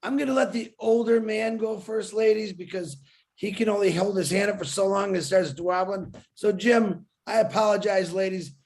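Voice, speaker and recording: A man hosts a group call in a relaxed, playful way, teasing the guests as he hands the floor to them. His voice sits high for a man. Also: moderate pace. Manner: jokey and teasing. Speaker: host. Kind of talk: casual group video call.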